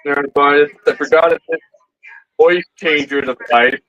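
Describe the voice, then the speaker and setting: A man co-hosting a casual livestream chat who talks in a drawn-out way and repeats his phrases. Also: a little high, fairly even intonation, no echo, highs cut off.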